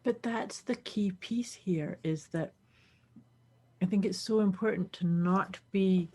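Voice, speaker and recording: A woman podcast co-host speaking in a relaxed, casual way, reflecting and asking herself questions. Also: mid-range voice, slow pace, husky. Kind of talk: casual chat.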